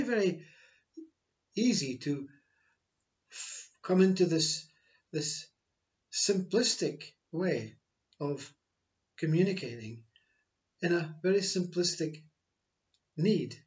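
A man delivers a spiritual monologue at an unhurried, deliberate pace. His voice sits a little high, and he circles back over his own words as he teaches. The recording is dull and lo-fi. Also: lively intonation. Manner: slow, reflective, repetitive phrasing.

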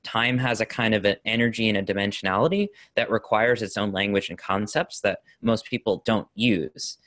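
Lowish, dry-sounding man in a casual group discussion; thoughtful, lots of restarts. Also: normal speed, a bit bright, dry recording. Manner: thoughtful, with many fillers and restarts. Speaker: discussion participant.

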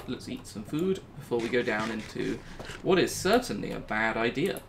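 A man giving casual, jokey commentary as he plays a video game, talking himself through it and breaking into high squeals when something startles him. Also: lively intonation, moderate pace, creaky, hardly any pauses, noisy background. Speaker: gaming YouTuber.

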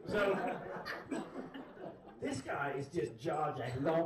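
A man performing stand-up comedy, telling a long story on stage and acting out loud hecklers in sudden high voices. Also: lively intonation, moderate pace, pauses often, a little hiss or hum. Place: comedy club stage before a live audience. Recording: roomy club sound from a distant mic, loud crowd laughter.

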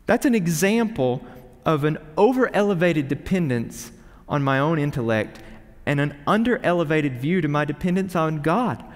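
A man preaching a sermon with earnest emphasis, moving from quiet reflection to urgent pleading. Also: on the high side. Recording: reverberant hall.

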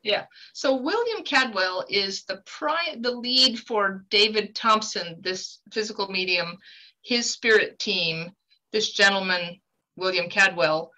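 A woman working as a medium tells stories and gives advice in an earnest, conversational way, with lively swings in pitch for emphasis. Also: takes it slowly, poor audio. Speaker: medium and guest speaker. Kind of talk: conversational teaching talk.

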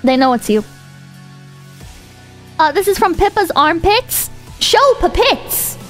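A woman's voice: extremely high pitch, animated, unhurried, faint music behind. A woman streamer reading viewer messages aloud in casual, joking chat, swearing freely. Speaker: virtual streamer.

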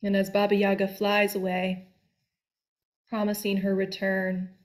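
Woman storyteller, folk tale, very slow, deliberate, expressive, medium pitch.

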